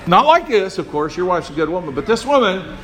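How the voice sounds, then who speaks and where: A man with a notably high speaking voice delivers a sermon from the pulpit. He preaches emphatically and calls on the congregation to answer back. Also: big pitch swings, fairly quick, a little hiss or hum. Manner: call-and-response preaching, emphatic. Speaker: pastor.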